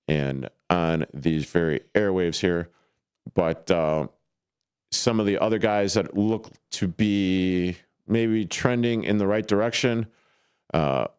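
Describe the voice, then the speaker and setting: Man, sports radio host, very low voice, rambling casual talk, studio mic. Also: darkish tone, clear, resonant tone, no room sound. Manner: rambling, with fillers and restarts. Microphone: studio microphone.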